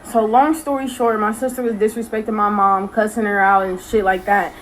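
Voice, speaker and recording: A woman's voice: mid-range voice, fairly even intonation, a little fast, a little hiss or hum, rough recording. A young woman telling a storytime to her phone camera, blunt, profane and exasperated. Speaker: storytime creator.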